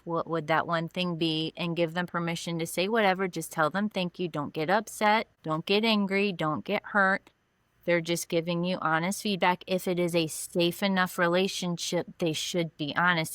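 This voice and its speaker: A woman's voice: lowish voice, fairly bright tone, clean tone, no echo. A woman counselor being interviewed on a podcast, explaining earnestly with examples from her own life. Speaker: mental health counselor.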